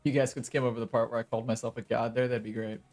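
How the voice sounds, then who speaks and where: A man's voice: mid-range voice, little pitch movement, racing, darkish tone. Young guy streaming a game, rambly and jokey, ordinary mid voice, faint music under it. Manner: rambling, joking, self-mocking. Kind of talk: casual gaming commentary.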